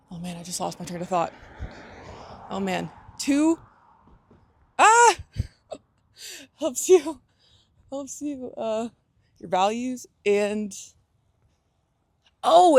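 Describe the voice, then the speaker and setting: A woman's voice: mid-range voice, darkish tone, no echo, clean studio sound. A young adult woman hosting a motivational talk, speaking earnestly with frequent restarts and acted-out inner thoughts. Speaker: host.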